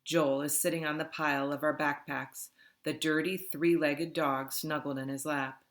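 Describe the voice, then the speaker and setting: A woman reading a first-person children's novel aloud in a calm, unhurried manner. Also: low-pitched. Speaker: audiobook narrator.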